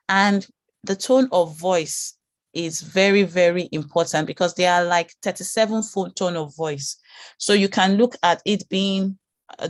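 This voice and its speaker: A woman teaching an online branding class in a calm, reassuring way, often repeating words as she thinks. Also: on the low side, no room sound, studio quality.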